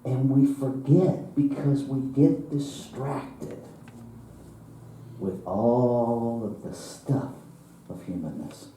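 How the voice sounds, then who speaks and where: A male minister giving a sermon, telling a parable slowly and dramatically, with chuckles and hushed drops. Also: mid-range voice, slight background noise. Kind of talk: sermon storytelling. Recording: roomy church hall, from far off.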